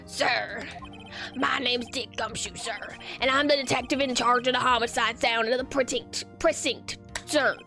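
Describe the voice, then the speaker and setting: A woman voicing a gruff, deferential male detective, lowering her voice and ending lines with "sir". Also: fairly even intonation, a little slow, sharp tone, soft background music. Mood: dutiful.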